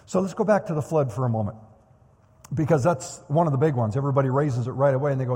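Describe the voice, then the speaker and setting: A man's voice: medium pitch, fast, slightly rough, long reverb tail. A man preaching a sermon, acting out the voices of the people he quotes. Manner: animated, acts out quoted voices. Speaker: pastor.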